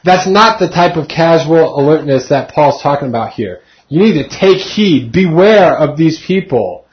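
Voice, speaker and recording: Man teaching a Bible class, casual and conversational, fairly high voice, dull lo-fi sound. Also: animated, normal speed. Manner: casual, conversational, with frequent restarts and questions.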